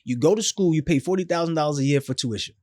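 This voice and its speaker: A man in his thirties telling his life story as a podcast guest, animated and emphatic, with slangy phrasing, often acting out other people's voices. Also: on the high side, quick pace, no room sound, clean studio sound. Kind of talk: storytelling in a casual interview.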